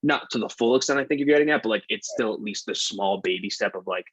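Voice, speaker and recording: A man's voice: lowish voice, fast, husky, dry recording, poor audio. A man co-hosting a podcast, rambling in casual chat and saying "like" a lot. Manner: rambling, heavy use of "like". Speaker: podcast co-host.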